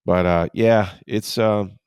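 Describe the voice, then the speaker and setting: A man's voice: lowish voice, fairly even intonation, slow pace, darkish tone, smooth, dry recording, clean studio sound. A man co-hosting a casual sports podcast, stuffed up from a summer cold, grumbling wryly as he talks. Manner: wry, grumbling banter. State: congested from a cold. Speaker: podcast co-host.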